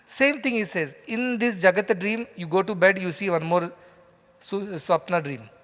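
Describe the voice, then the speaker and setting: A man with an Indian English accent delivers a spiritual lecture in a conversational, storytelling way, often turning to the audience with questions. His voice sits high for a man. The sound carries a long reverb from a large hall. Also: normal speed, a bit bright. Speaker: spiritual teacher. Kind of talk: scripture lecture to a live audience.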